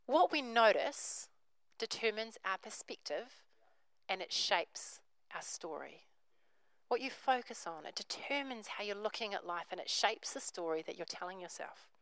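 A woman's voice: medium pitch, expressive, normal speed, vocal fry, fairly bright tone, dry recording, low-quality recording. A woman, preaching a sermon, telling a story and acting out the characters' voices.

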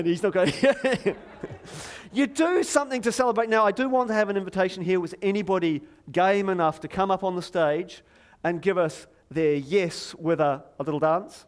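A middle-aged man preaching a lively, joking sermon from a church stage, chatty and self-deprecating, drawing the congregation in. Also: sits high. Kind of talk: playful sermon with audience participation.

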